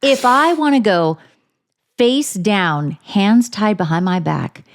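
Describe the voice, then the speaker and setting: A woman's voice: mid-range voice, slow pace. A woman in her forties co-hosting a casual chat show, talking bluntly and profanely, telling stories with lots of energy. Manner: blunt, profane, animated storytelling. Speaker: podcast co-host.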